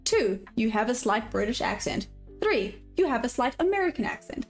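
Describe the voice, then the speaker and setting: A woman's voice: fairly high pitch, very animated, moderate pace, soft background music. Upbeat woman streaming. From South Africa. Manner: chatty and upbeat, laughs often. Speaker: day-trading livestream host. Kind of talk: casual livestream chat, reading viewer comments aloud.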